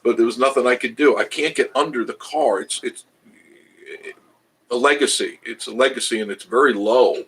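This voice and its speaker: Older man, lowish voice, casual livestream chat, rambling, chuckling at himself. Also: fairly bright tone, husky, poor audio. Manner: rambling, chatty, restarts, laughs at himself. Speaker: travel channel host reading live chat.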